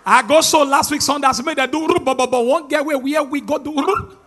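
A young Nigerian man doing animated stand-up comedy, mixing in pidgin and shouting his punchlines. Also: very high voice, fairly quick.

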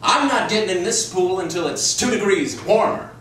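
Distant, echoey man delivering deadpan one-liners. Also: sits high, normal speed, slight background noise. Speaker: comedian. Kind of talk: deadpan mock interview sketch.

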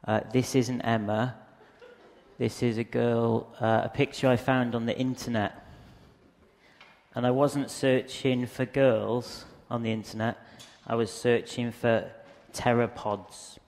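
Gravelly man giving a rambling lecture. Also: medium pitch, little pitch movement, takes it slowly, a little mellow. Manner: rambling, hesitant, frequent ums. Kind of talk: casual lecture with slides. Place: lecture hall in a museum. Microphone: handheld or stand microphone. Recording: reverberant lecture hall.

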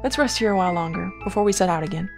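Woman reading a gentle caring young man. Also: mid-range voice, very fast, creaky, over music, lightly acted. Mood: soothing. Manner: kind, soothing, reading dialogue aloud.

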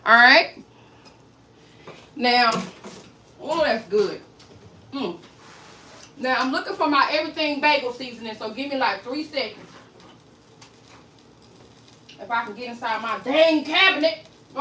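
A woman's voice: fairly high pitch, expressive, moderate pace, pauses often, bright, forceful tone, a little hiss or hum. A woman hosting a casual cooking livestream, chatty and playful, talking straight to her viewers and joking as she goes. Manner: playful, swears and jokes.

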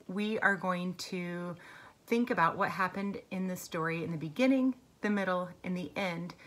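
A woman teacher reading a picture book aloud to children, slow, clear and patient. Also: lowish voice, a bit bright.

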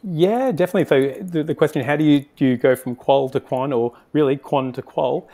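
Mellow-voiced man answering interview questions. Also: on the high side, a little fast. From Australia. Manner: thinks aloud with frequent restarts and fillers. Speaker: podcast guest, conversion optimization agency founder.

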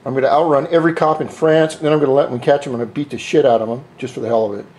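A man's voice: mid-range voice, steady tone, racing, a little mellow. A middle-aged man giving a casual how-to vlog from his workshop, rambling, joking and cussing freely as he spray paints parts. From United States. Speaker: scooter hobbyist vlogger.

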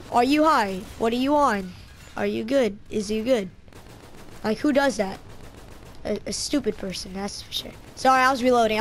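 A fairly high-voiced woman rambles through casual gameplay commentary. She is excitable and trash-talks her teammates, with sudden yelps when things go wrong. A faint hiss sits under her voice. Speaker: gaming channel host.

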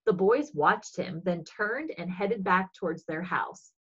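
A woman reading a children's story aloud for religious education, expressive and husky. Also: on the low side, measured pace, lo-fi sound.

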